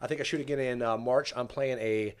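A quick-talking man telling stories about his acting work. He speaks in a casual, energetic chat with a steady mid-range voice. His delivery is brisk and animated. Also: mid-range voice, clear, resonant tone. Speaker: actor, guest.

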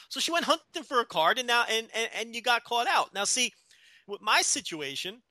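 A man's voice: very high voice, big pitch swings, moderate pace, pushed and bright, no room sound. A man co-hosting a casual podcast from home, trading teasing, argumentative banter. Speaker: podcast co-host. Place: home, beside his wine rack.

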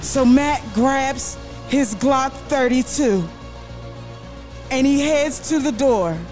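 Woman radio host telling a story, high voice, lots of slang, music playing behind. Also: takes it slowly. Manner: loose, animated slang-heavy delivery.

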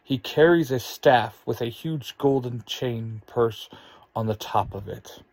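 A man narrating an adventure story in an expressive, unhurried way. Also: medium pitch, no room sound.

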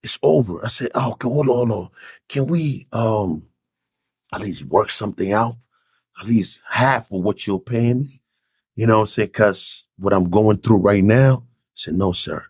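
A man's voice: lowish voice, moderate pace, breathy edge, dry recording, clean studio sound. A man hosting a faith podcast, telling his own story like a sermon and acting out the voices in it. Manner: preaching testimony, acting out quoted voices, swings to loud shouting. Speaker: podcast host. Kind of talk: impassioned faith podcast talk.

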